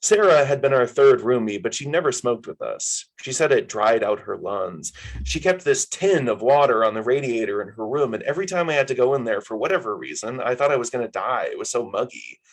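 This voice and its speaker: A man's voice: medium pitch, lively intonation, fairly quick, poor audio. A man reading his own fiction aloud at a story hour, in a casual, wry first-person style.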